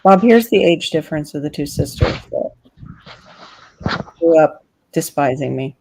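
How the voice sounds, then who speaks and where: A woman's voice: low-pitched, lively intonation, measured pace, creaky, darkish tone, breathy edge, no room sound. Chatty woman on a casual home stream. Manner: chatty, laughs often, wry and candid. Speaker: co-host of a live family stream. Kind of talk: casual chat. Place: family home. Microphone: webcam mic.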